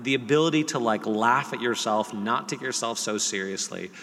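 Brief: middle-aged male co-host, bright forceful voice, lively storyteller, long reverb. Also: mid-range voice, normal speed. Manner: animated storyteller, acts out family banter. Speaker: podcast co-host. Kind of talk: casual chat. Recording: long hall reverb, faint noise.

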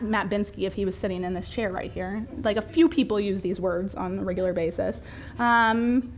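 A woman pastor delivers a sermon in a church, with a casual, self-deprecating manner. Her voice sits somewhat high, and she breaks up the weighty language with light laughter and asides. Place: church sanctuary.

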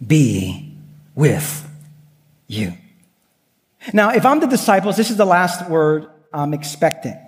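A male pastor preaching a sermon, earnest and building with repetition, weaving in personal stories. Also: high-pitched. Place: church sanctuary. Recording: long hall reverb.

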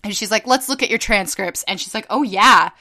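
A young woman casually telling a story on a podcast, animated and quick to act out other people's voices. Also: medium pitch. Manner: animated, acts out quoted people, laughs often, swears casually. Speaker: podcast co-host.

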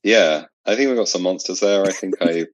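A British man chatting casually as a podcast guest about strongman lifting, pausing often with fillers. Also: sits low, no room sound, lo-fi sound. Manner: hesitant, many fillers. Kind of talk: casual chat.

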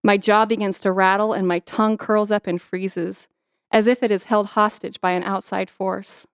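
Young woman reading her own memoir, earnest and intimate, really smooth voice. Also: medium pitch, flat delivery, normal speed, no room sound, clean studio sound. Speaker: memoir author and guest. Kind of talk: reading her memoir aloud, then interview answers.

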